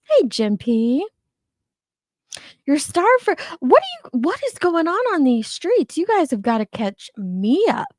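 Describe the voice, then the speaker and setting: A woman's voice: high-pitched, wildly swooping pitch, measured pace, darkish tone, dry recording, clean studio sound. An older woman hosting a casual livestream, greeting viewers by name and laughing often in a chatty way. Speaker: livestream host. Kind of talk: casual live chat.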